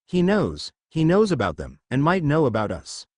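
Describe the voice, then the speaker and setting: A man's voice: a little high, wildly swooping pitch, normal speed, a little mellow, no echo, clean studio sound. A man doing a furious teenage witch girl. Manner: furious, accusing.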